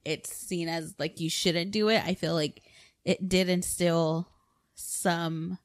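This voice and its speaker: A woman co-hosting a casual podcast chat. Her voice sits fairly low for a woman, and the sound is dry and close. She talks bluntly and swears freely. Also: fairly even intonation, slow, no room sound. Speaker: podcast co-host.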